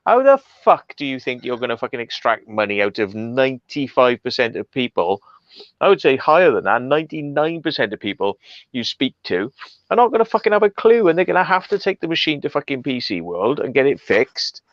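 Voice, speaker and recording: A man's voice: mid-range voice, very animated, brisk, dry recording, dull audio. A man hosting a casual chat over an online call, blunt and ranting with lots of swearing. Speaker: host.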